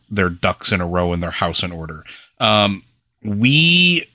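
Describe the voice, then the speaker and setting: In clean, dry studio sound, a male podcast co-host rambles through casual chat, leaning on lots of fillers. His voice sits low, with a bright and forceful tone.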